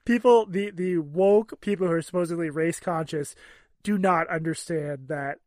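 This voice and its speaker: A man's voice: fairly high pitch, normal speed, darkish tone, no echo. Wry man on a dry podcast mic. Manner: wry, sardonic. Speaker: podcast co-host. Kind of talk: casual chat.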